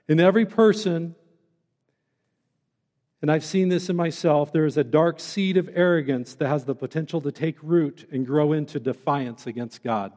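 A man's voice: a little high, moderate pace, mellow. Earnest preaching man in a reverberant hall. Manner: earnest, conversational, with tag questions. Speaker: pastor. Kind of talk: sermon. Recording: long reverb in a large hall.

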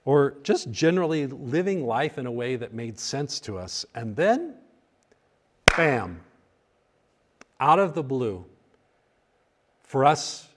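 A man preaching a sermon, reflective, his voice swelling and then falling to hushed lines. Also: medium pitch. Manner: reflective, rises and drops to near hushed lines. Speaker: pastor.

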